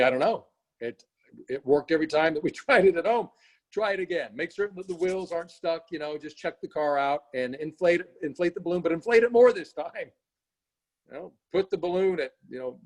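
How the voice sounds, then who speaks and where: A middle-aged man with a fairly high voice tells a story to his team in an earnest, animated way. He checks in with his listeners often and builds toward a lesson about not giving up. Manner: earnest, animated storytelling with frequent "you know" and "right?". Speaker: speaker at a morning team meeting. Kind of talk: storytelling motivational talk.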